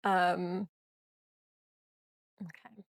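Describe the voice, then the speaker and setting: A woman's voice: on the low side, flat delivery, drawn-out words, no echo, clean studio sound. A young woman teaching a casual guided yoga class, chatty and giggly, often apologizing through yawns.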